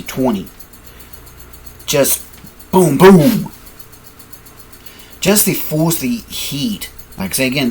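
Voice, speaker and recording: A man's voice: lowish voice, slight background noise. A man improvising a fan-fiction story, rambling, correcting himself and apologizing as he goes, sleepy and yawning.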